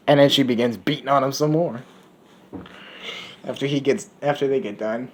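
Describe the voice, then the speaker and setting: A man's voice: mid-range voice, steady tone, moderate pace, pauses often, darkish tone. A man casually reading a fan story aloud, offhand and adding asides, recorded on a phone. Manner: offhand, adds asides and coughs. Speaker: story reader.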